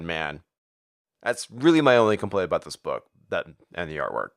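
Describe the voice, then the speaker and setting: A man's voice: mid-range voice, sing-song, normal speed, pushed and bright, smooth. A man recapping a comic book in a casual, crude, sarcastic way. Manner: profane, sarcastic, jumps into character voices.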